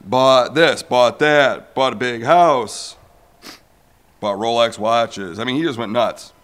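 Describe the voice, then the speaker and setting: A man in his forties telling a personal faith story, animated and acting out the voices of people he quotes. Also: takes it slowly, clear, resonant tone. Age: 40s. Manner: animated storyteller who acts out quoted voices with big pitch jumps. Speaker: speaker sharing a personal testimony. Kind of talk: storytelling testimony talk.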